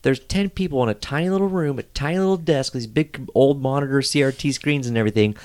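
A man's voice: mid-range voice, fast talker. A young adult man hosting a casual podcast chat, telling stories with lots of laughter. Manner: animated storyteller, laughs often. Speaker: podcast host.

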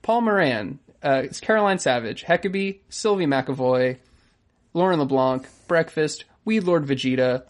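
A podcast co-host chatting casually, joking dryly and quickly reading out a long list of supporters' names. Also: mid-range voice, expressive.

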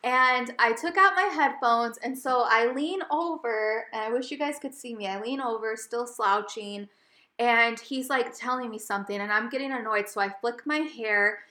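A woman co-hosting a podcast, telling a story in casual chat, animated and laughing often. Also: fairly high pitch, normal speed, echoey room. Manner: animated, laughing often, gets loud when retelling. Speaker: podcast co-host.

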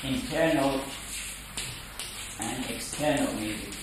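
A man giving a spoken lecture on poetry, deliberate and halting with many fillers. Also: mid-range voice, noisy background. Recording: echoey room.

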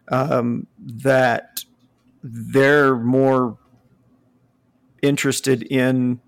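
A man with a northern US accent telling stories in a casual, animated chat, swearing and laughing as he goes. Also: medium pitch, gravelly. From northern United States.

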